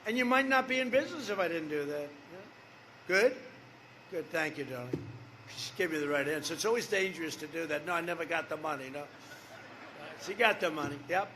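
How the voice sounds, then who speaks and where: A man's voice: a little high, animated, normal speed, pauses often, sharp tone, slight background noise. Older man rambling through a rally speech. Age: 70s. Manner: rambling, repetitive, with off-script asides to the audience. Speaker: political candidate. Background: rally crowd.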